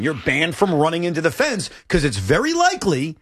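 A man hosting a sports talk show, arguing his points in an animated way. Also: fairly high pitch, brisk, no room sound, studio quality. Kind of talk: sports talk radio chat.

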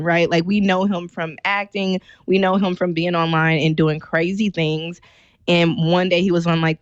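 Animated woman co-host, lively talk. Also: lowish voice, dry recording, lo-fi sound. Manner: animated, storytelling recap. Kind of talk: casual chat.

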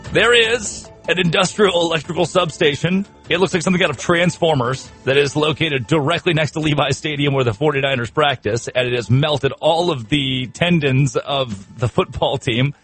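A man's voice: fairly high pitch, normal speed, hardly any pauses, a bit bright, soft background music. A man hosting a sports radio show, riffing in comic talk with laughter and mock outrage.

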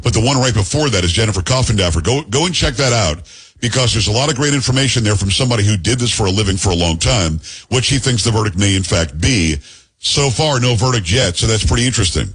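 A man's voice: on the low side, expressive, quick pace, fairly bright tone, husky. A man hosting a podcast, talking in a joking, rambling, teasing way. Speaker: podcast host. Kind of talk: casual podcast chat.

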